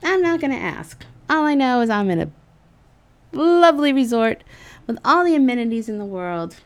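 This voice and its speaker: A woman casually telling a personal story in an animated, giggly way, with lots of "like" and "you know". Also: a little high, moderate pace. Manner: animated, giggly, with frequent fillers like "like".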